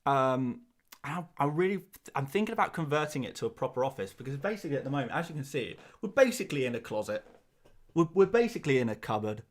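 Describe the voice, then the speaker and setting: A man's voice: mid-range voice, very animated, fast talker. An English man chatting through a live stream and reading out viewers' questions, in a middle-range voice. His talk rambles and stumbles over repeated words, and he pokes fun at himself. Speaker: host. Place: small cupboard-like room.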